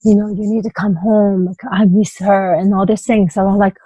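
A woman telling her personal story as a guest in an interview, in halting bursts with many restarts, asides and small laughs. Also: medium pitch, level tone, mellow, husky, no room sound, rough recording. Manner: halting retelling with frequent restarts, "you know" and light laughs.

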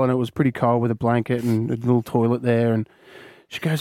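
Middle-aged aussie guy telling a story on radio, chatty, mid pitch, dry mic. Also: level tone, fast, darkish tone, no echo. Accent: Australian. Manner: storytelling, laughing through anecdotes. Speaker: radio co-host. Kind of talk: casual radio banter.

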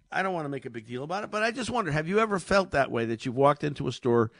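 A man hosting a call-in radio show, telling stories in an animated way and often repeating words as he talks. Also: fairly high pitch, no echo. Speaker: radio talk show host. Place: radio studio. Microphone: studio microphone.

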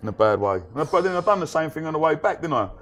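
Animated storyteller man. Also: a little high, fast. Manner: animated storyteller, acts out quotes, laughs often. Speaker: guest telling a story. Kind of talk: casual chat.

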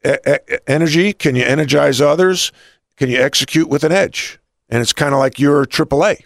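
A man's voice: a little high, fairly quick, gravelly, dry recording, clean studio sound. A man hosting an interview, rambling through anecdotes with frequent restarts. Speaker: host. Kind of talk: casual interview talk.

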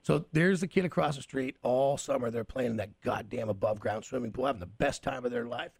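A man hosting a casual chat, telling childhood stories in an animated, cussing way. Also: medium pitch, a little fast, vocal fry, husky, dry recording. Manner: animated, swearing storyteller.

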